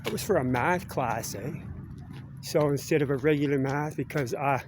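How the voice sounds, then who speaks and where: A man's voice: on the high side, normal speed, background noise. Rambling middle-aged Canadian man outdoors. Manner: chatty, meandering, ends phrases with "eh?". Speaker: vlogger. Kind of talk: casual rambling walk-and-talk. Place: outdoors walking around school grounds.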